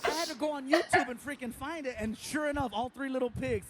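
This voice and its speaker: A man performing a stand-up comedy routine, telling a story with animated, playful impressions of the people in it. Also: very high voice, quick pace, very noisy.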